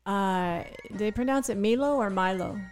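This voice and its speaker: A woman co-hosting a morning radio show in casual chat, candid and quick to laugh. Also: medium pitch, over music. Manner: chatty, candid, laughs easily.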